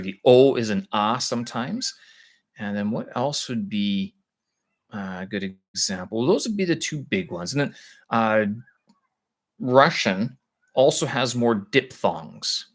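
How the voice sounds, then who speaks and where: Man hosting a casual live stream; low voice, halting, searches for words. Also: a bit bright. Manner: explains casually to viewers. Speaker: language learner streaming live. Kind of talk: live stream, thinking aloud.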